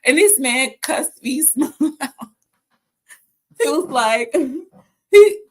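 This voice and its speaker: A woman from the American South hosting a casual faith talk, telling stories in an animated way with frequent restarts. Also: high-pitched, extremely slow. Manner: animated storytelling with laughs and restarts. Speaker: host.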